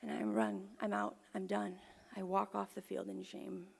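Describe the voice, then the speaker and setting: A young woman telling a personal story live on stage to an audience, earnest and often dropping to a hushed near-whisper. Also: medium pitch, flat delivery, normal speed, gravelly, husky. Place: performance venue with audience. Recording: long hall reverb.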